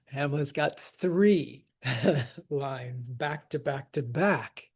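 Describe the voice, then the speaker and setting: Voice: mid-range voice, very slow, darkish tone, breathy edge. A teacher explaining poetic meter in a casual, enthusiastic way, laughing now and then. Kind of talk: scansion lesson.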